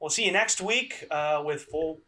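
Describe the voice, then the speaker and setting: A man's voice: on the high side, moderate pace, pushed and bright. Chatty man hosting a podcast. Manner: rambling, laughing, fillers. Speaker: podcast co-host. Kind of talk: casual sports podcast chat.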